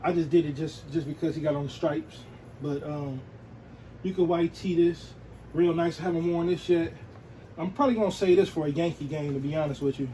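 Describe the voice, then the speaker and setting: Brief: male vlogger, relaxed slangy show-and-tell, slightly raised pitch. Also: a little fast, slight background noise, rough recording. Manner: laid-back, slangy, peppered with "you know what I'm saying". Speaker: sneaker and streetwear vlogger.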